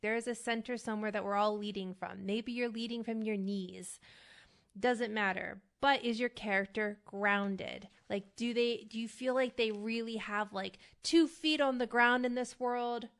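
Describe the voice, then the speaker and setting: A woman's voice: a little high, steady tone, moderate pace, a bit bright, clean tone. A woman host coaching actors in a casual teaching monologue, talking conversationally and often checking in with "right?". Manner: conversational, frequent "right?" check-ins, emphatic. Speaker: acting coach and podcast host.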